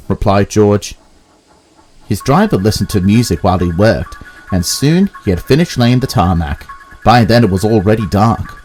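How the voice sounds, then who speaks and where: A man narrating a spooky children's engine story with expressive delivery. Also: fairly low pitch, moderate pace, poor audio. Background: background music.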